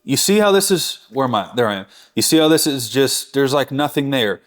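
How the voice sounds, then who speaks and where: A man's voice: mid-range voice, lively intonation, a little fast. A man in his thirties hosting a barbecue channel, talking through a hands-on cooking demonstration in an enthusiastic, chatty way and correcting himself as he goes.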